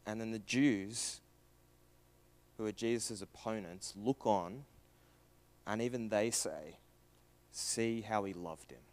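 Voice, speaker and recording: A young man preaching a sermon, earnest and questioning, moving from raised emphasis to hushed, quiet passages. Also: on the low side, slow, pauses often.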